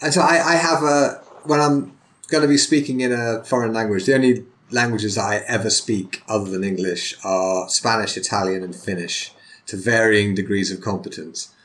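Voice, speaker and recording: A man hosting a conversational interview podcast, talking in a blunt, animated way. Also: lowish voice, moderate pace. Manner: animated, blunt, lively storyteller. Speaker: podcast host.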